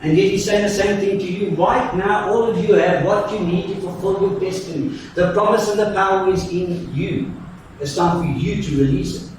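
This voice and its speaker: A man's voice: high voice, moderate pace, a little hiss or hum. A man preaching a sermon and telling the story playfully, acting out its voices with jokes. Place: church hall. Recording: echoey church from far off.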